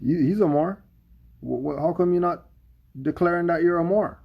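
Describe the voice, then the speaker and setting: Man, gravelly voice, slightly high, sarcastic, mocking commentary. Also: moderate pace, highs cut off. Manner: sarcastic, mocking, rhetorical questions.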